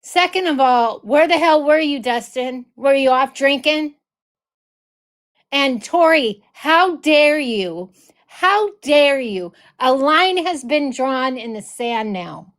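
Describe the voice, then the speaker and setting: Furious high-voiced woman ranting. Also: animated, takes it slowly. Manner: furious, swearing, repeating accusations. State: enraged. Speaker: reaction video host. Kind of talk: heated commentary.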